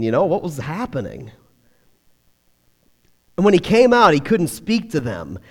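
A man preaching a sermon in a chatty, joking way, laughing often at his own asides. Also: extremely high pitch. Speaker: pastor. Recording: long hall reverb.

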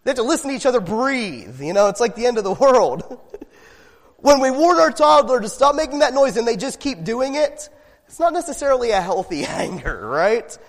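A man's voice: very high voice, sing-song, moderate pace, big-room sound. A man preaching a sermon as pastor, talking conversationally and often checking in with the congregation with "right?".

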